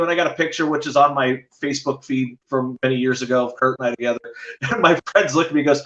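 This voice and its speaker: A man's voice: on the high side, fast talker, a bit bright, reverberant, muffled recording. A man, a podcast guest, rambling through casual stories with many fillers and restarts. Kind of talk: casual storytelling chat.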